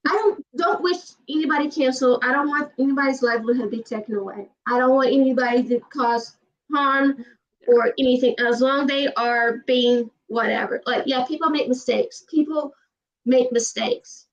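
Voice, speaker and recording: A woman from Georgia with a Southern accent, talking emphatically in casual chat as host of a livestream. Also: sits high. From Georgia, USA. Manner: fast, emphatic, repeats herself. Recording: distant, dull livestream audio.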